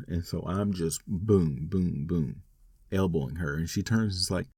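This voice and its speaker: A man's voice: low voice, unhurried, warm tone, slightly rough, dry recording, clean studio sound. A man telling a rambling, wry personal story in a casual monologue. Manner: rambling, wry, self-deprecating.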